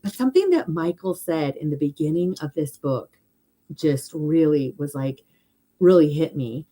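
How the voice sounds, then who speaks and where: A middle-aged woman hosting a casual spiritual talk, animated and mimicking chatter in higher mocking tones. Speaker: spiritual podcast host.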